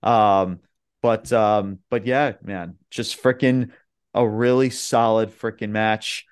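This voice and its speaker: A man's voice: on the low side, steady tone, slow pace, clean tone. A young man hosting a podcast, recapping wrestling matches in a rambling, casual way with lots of fillers and swearing. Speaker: podcast host.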